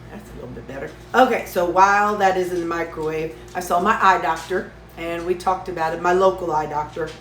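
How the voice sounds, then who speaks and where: A woman's voice: lowish voice, fairly even intonation, a little fast, a bit bright, a little hiss or hum. A woman vlogging casually from her home kitchen, rambling along with plenty of fillers and restarts. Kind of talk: casual chatty diet vlog. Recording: echoey kitchen with dish clatter.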